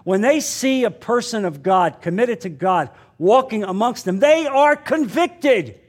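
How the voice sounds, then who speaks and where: A man's voice: high voice, expressive, moderate pace, breathy edge. A man preaching a sermon in an emphatic way, repeating lines and putting questions to his listeners. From New Jersey.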